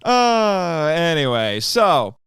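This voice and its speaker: A man's voice: on the high side, big pitch swings, very slow, creaky, fairly bright tone, clean tone, no echo, studio quality. A man co-hosting a podcast in casual chat, teasing and dryly sarcastic. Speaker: podcast co-host.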